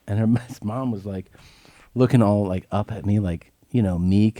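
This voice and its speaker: A male comedian with a lowish voice, telling a brash story on a podcast and swearing freely. He acts out every line of dialogue in his tale. The recording is dry and close. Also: fairly even intonation, normal speed, dark tone, no room sound. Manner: brash, profane storyteller acting out quotes. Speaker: comedian and show host. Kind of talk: casual podcast chat.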